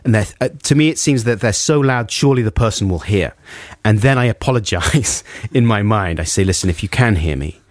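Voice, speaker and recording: A man's voice: fairly low pitch, a little fast, dry recording, clean studio sound. A man co-hosting a radio show, chatting casually and reading out listener texts with a jokey manner. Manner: jokey, laughs often, puts on silly voices. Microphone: studio microphone.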